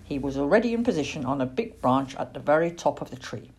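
A woman gently and expressively reading a children's storybook aloud. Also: deep voice, animated, fast, husky.

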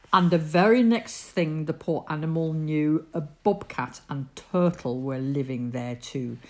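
A woman reading a rhyming bedtime story aloud in an animated storyteller's voice. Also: low-pitched.

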